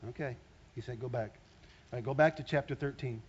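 A man's voice: mid-range voice, fairly quick, a little mellow, highs cut off, a little hiss or hum. An older man preaching a sermon in a conversational way, often rising into emphatic bursts. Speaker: pastor.

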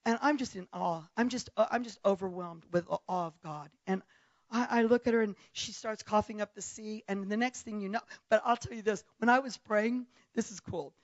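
A woman telling a testimony in a sermon, lively and storytelling, acting out the people she describes. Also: a little high, no echo, lo-fi sound. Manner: animated storytelling, acts out voices. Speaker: preacher.

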